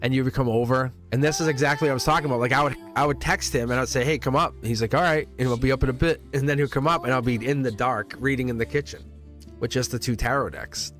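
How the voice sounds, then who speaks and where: Over soft music, a man hosts a live tarot reading for viewers, talking chattily, laughing a lot, and saying things more than once. He speaks fast in a steady, mid-range voice with a slightly bright tone.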